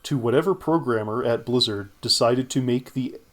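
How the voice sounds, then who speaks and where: A man's voice: medium pitch, normal speed. A man casually explaining how he made his video, with rambling, self-deprecating remarks. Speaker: video creator giving commentary. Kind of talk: casual commentary chat.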